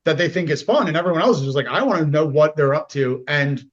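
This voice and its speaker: A man's voice: on the high side, fast talker, lo-fi sound. A man talking as a podcast guest in casual conversation, animatedly acting out the voices of people he describes. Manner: animated, acts out quoted voices.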